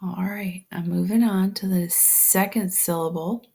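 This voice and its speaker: A woman teaching a phonics lesson step by step, patient and slow, often dropping to a whisper. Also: on the low side, fairly even intonation, creaky, dark tone, husky.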